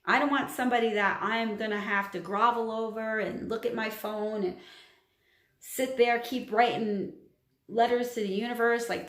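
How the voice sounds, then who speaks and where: A woman's voice: fairly high pitch, steady tone, normal speed, echoey room. A woman giving a casual astrology reading, chatty and emphatic, repeating her points and laughing at herself. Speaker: astrology channeler. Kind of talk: casual tarot-style reading to camera.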